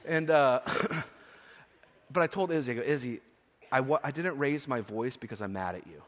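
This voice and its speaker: A pastor in his forties preaches an earnest, emphatic sermon to his church, sprinkling in chatty personal asides. His mid-range voice moves at normal speed and carries the long reverb of the church sanctuary.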